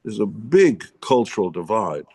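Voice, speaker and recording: A man's voice: lowish voice, very animated, normal speed, a little mellow, breathy edge. An older man in his seventies, a musician guest telling stories in a blunt, opinionated and profane way. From United States. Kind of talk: casual interview storytelling.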